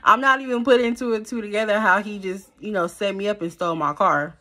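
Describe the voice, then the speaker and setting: A young woman telling a personal story to camera in a casual, slangy, animated way. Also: medium pitch, quick pace. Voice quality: animated, slangy and conversational, with many fillers. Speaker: storytime vlogger.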